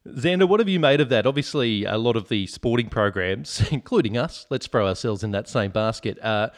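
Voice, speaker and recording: A man's voice: medium pitch, animated, fairly quick. An Australian man hosting a casual sports podcast, joking and reading out listener comments. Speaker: podcast host.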